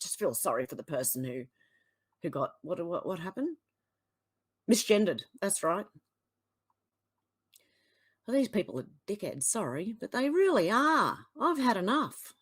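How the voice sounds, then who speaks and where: An Australian woman reading out social media posts and reacting to them bluntly, with frequent exasperated sighs and sudden sharp retorts. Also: on the low side, very animated, moderate pace, long pauses, husky. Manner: exasperated, blunt, swings between sighs and outbursts. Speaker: political commentary vlogger.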